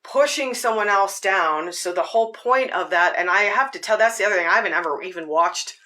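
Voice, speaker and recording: A woman's voice: medium pitch, a little fast, bright, forceful tone. A woman hosting a podcast, talking earnestly and at length about her spiritual path, with a lot of "like" in her speech. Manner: earnest, rambling, with filler "like". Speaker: podcast host. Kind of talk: reflective spiritual monologue.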